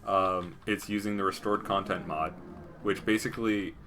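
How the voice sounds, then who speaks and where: A man's voice: low voice, fairly even intonation, normal speed, fairly bright tone, a little hiss or hum. A young man giving casual, joking game commentary as a streamer, laughing often. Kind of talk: casual let's-play commentary.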